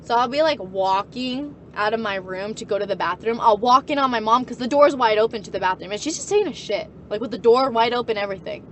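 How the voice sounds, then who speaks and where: A woman in her twenties speaks in casual chat, blunt and full of swearing, breaking into laughter often. Her voice sits a bit high. A faint hum of noise runs behind her. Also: fast talker, hardly any pauses. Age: 20s.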